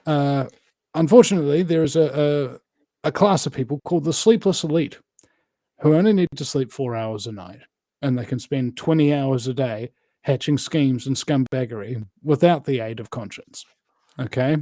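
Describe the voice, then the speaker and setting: A New man talking as a guest, voice of medium pitch. He rambles and presses his points with lots of fillers and restarts. The sound is close and dry, with no room around it. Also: normal speed, warm tone, dry recording. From New Zealand. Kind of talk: casual conversation.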